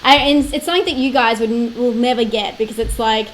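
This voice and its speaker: A fast-talking Australian woman in her late twenties with a fairly high voice chats on a live stream, laughing a lot and leaning on "like" and other fillers. The recording is rough, with a little hiss or hum.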